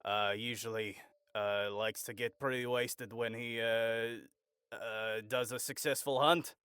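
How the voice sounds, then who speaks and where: A man voicing a pair of gruff male hunters who mutter and gossip about a friend who drinks, speaking in a lowered, halting voice. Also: fairly even intonation, a bit bright, no room sound, close to an everyday voice. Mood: grumbling.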